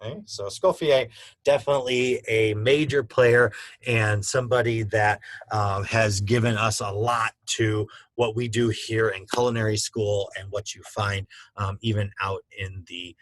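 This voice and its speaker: A man's voice: fairly low pitch, steady tone, a little slow, no echo, rough recording. A man teaching a culinary school class in a casual, conversational lecture with frequent fillers. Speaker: culinary instructor.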